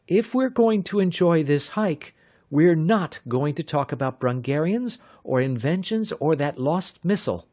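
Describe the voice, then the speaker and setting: A man's voice: fairly high pitch, expressive, a little slow, darkish tone, voice pushed up. A man voicing a teenage girl in an audiobook, speaking severely and laying down rules. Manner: severe, bossy. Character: teenage girl, stern rule-setter.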